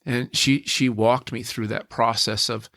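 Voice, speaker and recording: A middle-aged man with a gravelly, creaky voice speaks as a podcast guest, recorded dry and close with no room sound. He tells a personal story earnestly and reflectively, often restarting his sentences. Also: medium pitch, steady tone, a little slow, a bit bright, no room sound.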